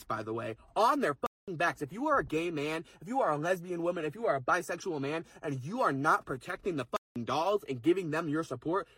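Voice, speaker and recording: Fast-talking young man ranting, husky. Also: a little high, fairly bright tone, no echo. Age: young adult. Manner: fast, heated, swearing, lots of fillers. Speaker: vlogger. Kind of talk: impassioned casual rant to camera.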